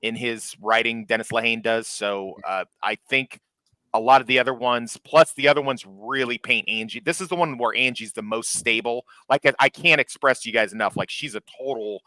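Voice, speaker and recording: A man's voice: medium pitch, a little fast, pushed and bright, no room sound. A man in a casual podcast chat, explaining things at length with many fillers.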